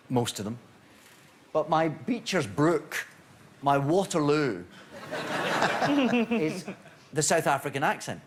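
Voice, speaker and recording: A Scottish actor as a talk-show guest, telling a wry, self-deprecating story in relaxed chat. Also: male voice, on the high side, slight background noise.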